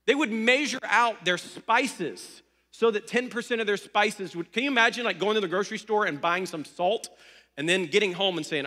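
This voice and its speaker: Bright-voiced young pastor in a reverberant hall. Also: male voice, sits high, lively intonation, normal speed. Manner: conversational storytelling, joking asides. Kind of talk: sermon.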